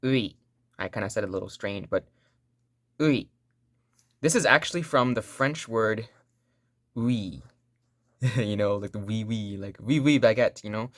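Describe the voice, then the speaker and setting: A woman's voice: extremely low pitch, measured pace, pauses often, no room sound, clean studio sound. A woman teaching a language lesson online in a playful, joking way, repeating sounds for learners to say back.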